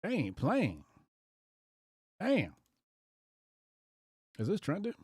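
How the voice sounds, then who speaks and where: A man's voice: high-pitched, huge pitch swings, drawn-out words, darkish tone, breathy edge, no room sound, clean studio sound. A man hosting a casual live stream, reacting aloud to headlines in loose slang. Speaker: livestream host.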